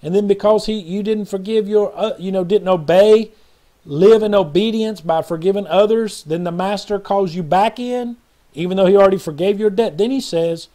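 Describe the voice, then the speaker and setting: A man's voice: high-pitched, normal speed, warm tone. A man preaching an earnest, rambling sermon to his viewers and acting out the voices of a parable he retells. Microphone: webcam or phone video.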